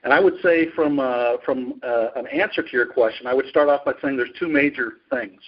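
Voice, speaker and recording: Man explaining business points, muffled audio. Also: medium pitch. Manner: measured, explanatory, frequent fillers. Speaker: industry executive guest. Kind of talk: business interview.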